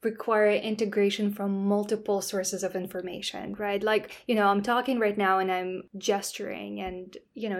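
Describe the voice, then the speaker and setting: Woman explaining brain science casually. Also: mid-range voice. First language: Russian. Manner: explanatory, many fillers like "you know". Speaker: podcast guest, neuroscientist. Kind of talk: casual podcast interview.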